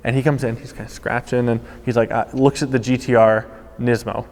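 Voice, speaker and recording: Male storyteller, former car salesman, animated delivery, ordinary middle register, recorded with long reverb. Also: medium pitch, a little fast. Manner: animated storytelling, voices quoted people. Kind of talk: casual spoken anecdote.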